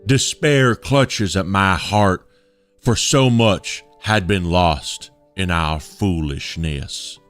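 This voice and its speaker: A man voicing an ancient male traveler mourning his lost homeland, with a put-on Chinese accent and a slow, solemn delivery. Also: sits low, fairly bright tone, soft background music.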